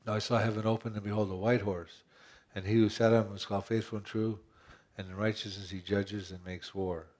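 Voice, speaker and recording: A man's voice: fairly low pitch, level tone, fairly quick, few pauses, darkish tone. A man pastor preaching a conversational sermon, asking rhetorical questions and often restarting his phrases.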